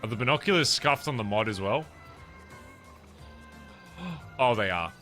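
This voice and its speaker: Bright-voiced English man chatting to his stream. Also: medium pitch, animated, a little slow, faint music behind. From England. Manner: rambling, self-mocking, laughs at own remarks. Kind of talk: casual chat to stream viewers.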